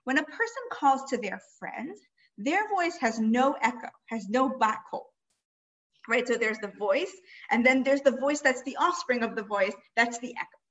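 A woman's voice: a little high, lively intonation, moderate pace, a bit bright, highs cut off. A woman teaching a text-study lesson, explaining a passage step by step and checking in with her listeners with a frequent "right?". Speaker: Torah teacher.

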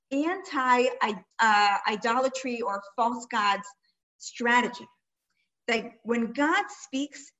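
A woman's voice: sits high, fairly bright tone, rough recording. A woman teaching a text-study lesson, explaining a passage step by step and checking in with her listeners with a frequent "right?". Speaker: Torah teacher.

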